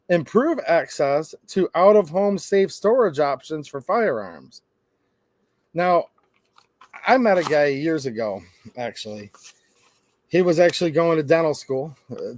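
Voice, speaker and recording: A middle-aged man hosts an opinionated commentary, animated, with sarcastic asides and acted-out quotes. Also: fairly high pitch. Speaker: gun-rights channel host.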